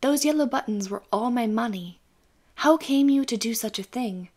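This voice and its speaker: A woman's voice: on the high side, moderate pace, darkish tone, close to an everyday voice. A woman voicing a blunt farmer husband in a storybook reading, exclaiming and scolding. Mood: exasperated.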